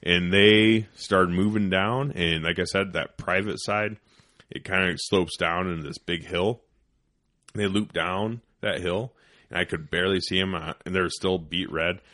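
A man with a very low, deep voice tells a story on a casual podcast. He is animated and swears a lot, and he drops to a hushed whisper when he quotes himself. The sound is close and dry, with no room around it. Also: measured pace, no room sound. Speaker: podcast host.

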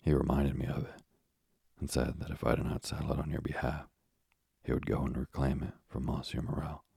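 A frail old father speaks gently and wearily in a storybook reading, as a male narrator puts him on. The voice is very low, gravelly and breathy, with little rise and fall, and sounds dry and close. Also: flat delivery, a little fast, dry recording, full character voice. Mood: gentle, weary.

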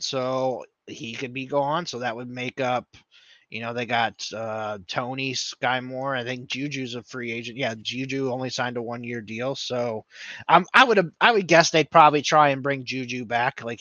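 Man, podcast co-host. Bright, loose casual chat, muffled lo-fi recording. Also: mid-range voice, steady tone, normal speed, no room sound. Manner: rambling, thinks aloud with fillers. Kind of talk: casual fantasy football chat.

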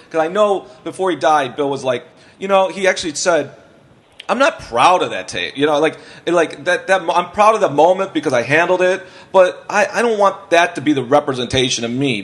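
In casual podcast chat, a man tells long, rambling stories packed with swearing, restarting often and acting out what other people said. His voice is on the high side and a bit bright.

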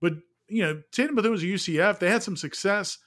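A man co-hosting sports talk radio, explaining his points in a measured, conversational way. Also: sits high, fairly bright tone. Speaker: sports radio co-host and writer.

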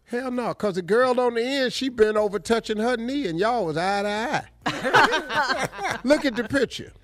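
A man hosting a radio show, teasing a co-host in a deadpan way. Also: very high-pitched, measured pace, no room sound. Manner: dry teasing, deadpan ribbing. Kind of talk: studio banter.

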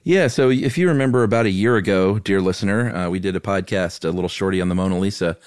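A man's voice: sits low, quick pace, a little mellow, smooth, no echo, studio quality. A man co-hosting a podcast, chatting in a laid-back, folksy way while explaining ideas. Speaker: podcast co-host. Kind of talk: casual explanatory chat.

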